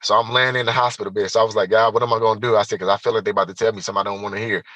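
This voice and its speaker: Bright-voiced man telling an emphatic story. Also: lowish voice, racing, dry recording, poor audio. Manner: animated, emphatic storyteller who addresses listeners directly. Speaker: guest. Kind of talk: personal story told in an interview.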